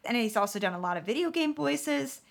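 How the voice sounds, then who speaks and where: A woman co-hosts a casual chat and rattles off actor credits with plenty of fillers. Her voice sits on the higher side. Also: expressive, a little fast, creaky. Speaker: podcast co-host. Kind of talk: casual chat reviewing a TV show's cast.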